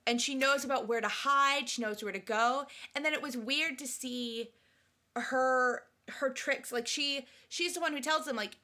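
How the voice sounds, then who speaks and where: A woman's voice: sits high, measured pace, sharp tone. A woman co-hosting a podcast in casual book-and-film chat, giggly and often breaking into fits of laughter. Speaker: podcast co-host.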